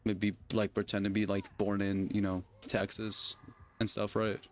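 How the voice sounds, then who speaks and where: A man's voice: on the low side, monotone, normal speed. A young man streaming a game, rambling and joking to himself and to his opponent. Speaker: gaming streamer. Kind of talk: casual livestream commentary.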